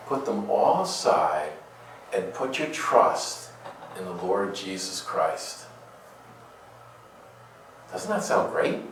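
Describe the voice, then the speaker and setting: A man's voice: on the low side, very animated, slow, long pauses, a little hiss or hum. A man giving a conversational homily, full of rhetorical questions and playful asides, often repeating his words as he goes. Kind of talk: conversational sermon. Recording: very echoey room, distant mic.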